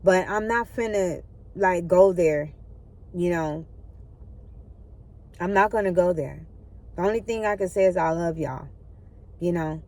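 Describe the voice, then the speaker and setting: A woman's voice: on the low side, unhurried, long pauses, a little mellow. A woman giving a spiritual motivational talk into her phone, earnest and preachy, often checking in with her listeners. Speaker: spiritual vlogger.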